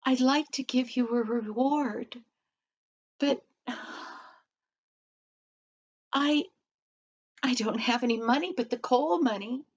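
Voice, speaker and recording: A grandmother doing a high, gushing little old lady. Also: takes it slowly, pauses often. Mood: earnest. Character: thankful little old lady, poor and kind. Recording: dull lo-fi recording.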